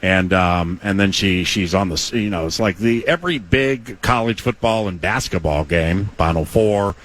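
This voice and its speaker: A man's voice: sits low, expressive, moderate pace, a bit bright. A male sports radio host chatting with a guest, effusive in his praise and rambling with many fillers.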